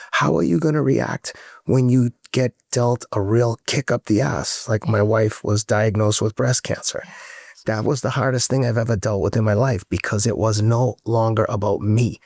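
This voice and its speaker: A man's voice: mid-range voice, a little mellow, no echo, studio quality. A middle-aged man talking as a podcast guest, frank and earnest, swearing freely as he tells his story. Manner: earnest storytelling with rising emotion. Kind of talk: candid casual interview talk.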